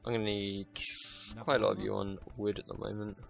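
A man's voice: on the low side, little pitch movement, brisk, creaky, music in the background. A young man giving casual, sweary gameplay commentary, joking and muttering to himself. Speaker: gaming YouTuber.

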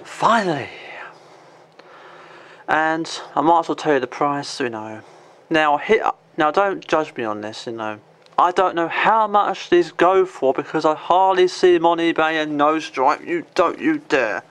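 High-voiced rambling man. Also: lively intonation, moderate pace, a bit bright. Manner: rambling, many fillers, swears at his pet. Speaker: vlogger. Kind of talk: casual show-and-tell vlog.

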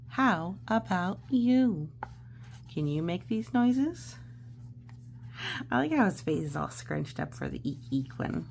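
Slow, playful woman reading a picture book. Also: on the low side, sing-song, vocal fry, slight background noise. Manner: slow, gentle, playful, acts out noises. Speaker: children's book reader.

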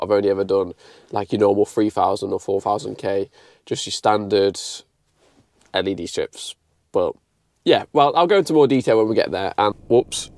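A man's voice: on the low side, darkish tone. An electrician vlogging casually, a bit ill and tired, explaining his work and his own mistakes in a chatty, self-deprecating way. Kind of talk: casual vlog chat. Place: building site and van, handheld camera. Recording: long reverb in an empty room.

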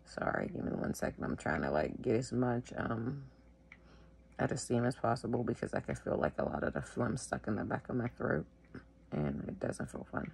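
A sick woman at home, wheezing and short of breath, talking casually to the camera in a tired, slow way. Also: extremely low pitch, very animated, vocal fry, a little mellow, breathy edge. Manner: tired, slow, filler-heavy. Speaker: vlogger sharing her illness.

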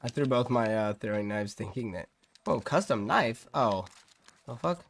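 A man streaming a shooter game, giving excitable, profane live commentary. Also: medium pitch, normal speed. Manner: excitable, swearing, reacting to the game.

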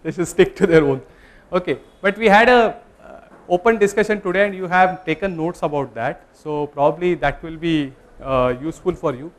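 A man's voice: a little high, moderate pace. A man giving a classroom lecture, talking in a conversational way, polling the students and correcting himself mid-sentence. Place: lecture room.

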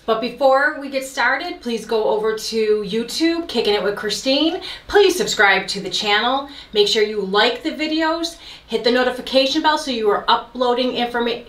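A woman hosting a casual cooking vlog in her kitchen, excitable and nervous, laughing a lot as she cooks. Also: on the high side, normal speed. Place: indoor kitchen under lights. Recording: roomy echo, distant from mic, kitchen sizzle. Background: food frying and sizzling.

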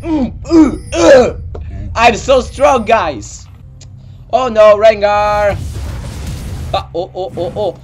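High lively guy yelling n joking while he plays, music going behind him. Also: drawn-out words, long pauses. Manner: shouty, swearing, jokey voices. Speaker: gamer. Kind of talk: excited gaming commentary.

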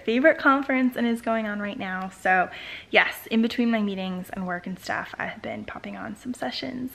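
A woman's voice: medium pitch, fairly bright tone. A young adult woman chatting casually in a vlog, bubbly and enthusiastic, often repeating her words. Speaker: vlogger.

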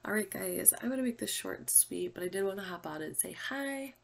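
A woman's voice: medium pitch, expressive, a little fast, gravelly. A stuffy, congested young woman hosting a casual vlog update, chatty and apologetic with many fillers. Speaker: channel host.

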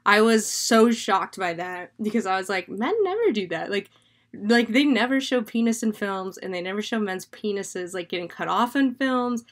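A woman podcast host casually recapping a horror film, chatty and animated, with lots of filler words and free swearing. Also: medium pitch, normal speed.

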